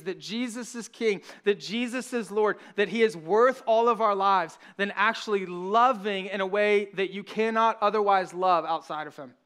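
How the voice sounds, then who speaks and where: A man's voice: sits high, a bit bright, clear, resonant tone. A man in his thirties, a pastor, preaching a sermon in an earnest, conversational way with frequent restarts.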